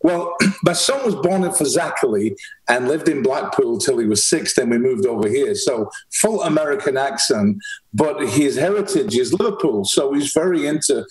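A man's voice: mid-range voice, lively intonation, moderate pace, rough recording. A man from England, hosting a podcast interview in a chatty, upbeat way. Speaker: podcast host. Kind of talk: casual interview chat.

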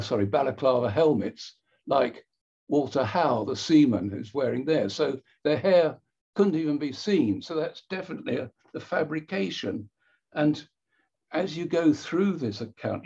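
A man giving an illustrated history talk with slides, measured and wry, pausing and correcting himself as he goes. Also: mid-range voice, vocal fry, darkish tone, slightly rough, dull audio.

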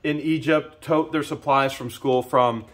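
A man vlogging as he opens gifts and counts them aloud, excitable and expressive, his voice jumping up when he is thrilled. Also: mid-range voice, a little slow. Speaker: YouTube vlogger. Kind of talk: casual unboxing chat. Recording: noisy home video recording.

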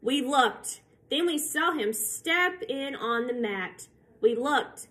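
Slow, expressive woman reading a storybook. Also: high-pitched. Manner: slow and expressive, pausing to ask listeners questions. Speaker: storybook reader. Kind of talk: reading a picture book aloud to children.

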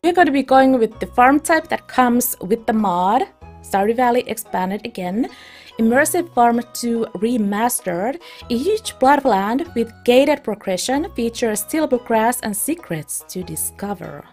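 A woman hosting a let's play, chatting in a bubbly, excitable way as she starts a new game. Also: a little high, a little slow, faint music behind. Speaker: let's play streamer and host. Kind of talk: casual gameplay commentary.

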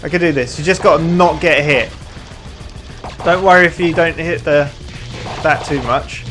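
A gaming channel host giving let's play commentary, excitable, laughing often and talking to themselves. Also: mid-range voice, normal speed. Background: game music.

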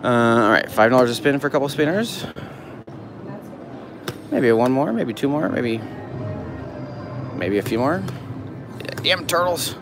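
A man live-streaming slot play from a casino floor, cursing and shouting at the machine while he reads out viewer messages. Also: medium pitch, a little slow, vocal fry, long pauses, over music. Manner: excitable, profane, yells at the machine. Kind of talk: casual live-stream chat.

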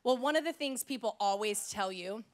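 A woman pastor from Idaho preaching a sermon in church, telling stories in a playful, lively way. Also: medium pitch, normal speed.

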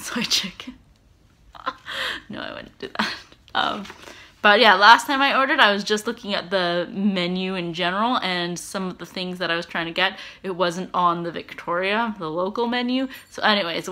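Talking to camera indoors at home, this female vlogger from Canada rambles casually, full of filler words and giggles. She has a medium-pitched voice that sounds pushed and bright.

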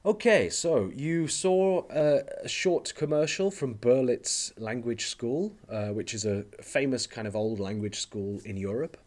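Man giving a relaxed online lecture. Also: mid-range voice, measured pace, hardly any pauses, noisy background. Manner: relaxed, explanatory, frequent "okay" and "um" fillers. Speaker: teacher.

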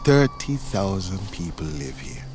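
A man's voice: sits low, sing-song, unhurried, music in the background. A man narrating a scripted story in the second person, in a dramatic storytelling manner.

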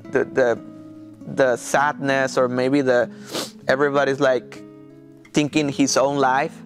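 A pastor from Mexico with a Mexican Spanish accent tells his testimony in an interview, in halting non-native English full of restarts and fillers. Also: mid-range voice.

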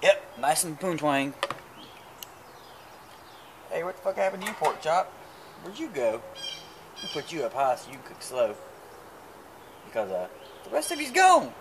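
A man's voice: a little high, very animated, a little slow, pauses often, noisy background. A man chatting casually while cooking outdoors at a grill, crude and joking, stumbling over his words. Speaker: cooking vlogger. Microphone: camera mic.

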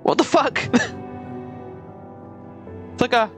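A young woman streamer chats casually over her gameplay with faint game music behind her. Her voice is fairly high and slow-paced, and she laughs often while talking back to the game and her chat.

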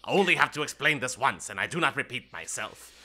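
A man's voice: medium pitch, animated, fast, sharp tone. A man voicing a grumpy, scheming male imp guide who talks in clipped, broken English and scorns the heroes. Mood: scornful. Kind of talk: tabletop game voice acting.

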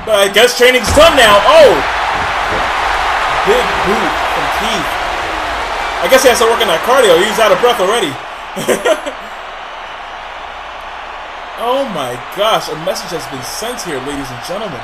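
A man calling a wrestling match in excited play-by-play commentary, often shouting. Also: high-pitched, unhurried, pauses often, a loud crowd. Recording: loud background noise.

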